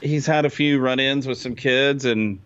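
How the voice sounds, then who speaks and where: A man's voice: medium pitch, steady tone, moderate pace, a bit bright, clear, resonant tone. A man co-hosting a podcast, talking bluntly and casually in slang. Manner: blunt, slangy, calls people dude. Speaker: podcast co-host. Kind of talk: casual chat. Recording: slightly dull lo-fi sound.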